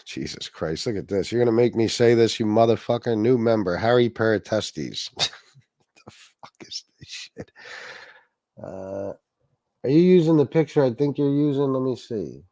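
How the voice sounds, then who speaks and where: Male livestream host, rambling and profane, mid pitch, dry room. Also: expressive, moderate pace, warm tone, no room sound. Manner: rambling, swearing, reads chat aloud. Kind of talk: casual profane livestream chat.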